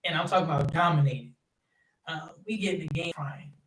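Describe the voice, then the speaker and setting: A man's voice: on the high side, a little fast, a bit bright, slight background noise. A young man chats animatedly about coaching kids, laughing often and leaning on fillers. He sits some distance from the mic. His voice carries a noticeable room echo. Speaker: youth basketball coach and third-grade teacher. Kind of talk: casual interview chat. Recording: roomy sound from off-mic.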